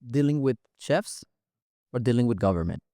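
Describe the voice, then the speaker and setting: A man hosts a podcast with a playful, teasing, upbeat manner, tossing light questions at his guest. His voice sits at a middle pitch for a man. The sound is dry and close, with no room echo. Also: lively intonation, moderate pace, warm tone. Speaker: podcast host. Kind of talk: casual interview chat.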